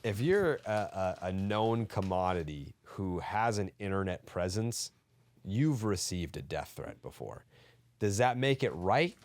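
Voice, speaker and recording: A man's voice: fairly low pitch, expressive, unhurried, no room sound. A man co-hosting a sports podcast, ranting heatedly and swearing often. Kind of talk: casual sports talk.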